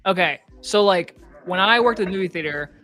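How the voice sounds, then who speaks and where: A casual co-host telling work stories in a relaxed chat, swearing freely and acting out what people said. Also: mid-range voice, a little fast, faint music behind. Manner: animated storyteller, swears freely, acts out quotes.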